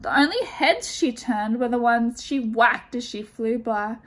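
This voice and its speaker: A woman student teacher reading a picture book aloud to children, expressive and stopping to ask them questions. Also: fairly high pitch, unhurried.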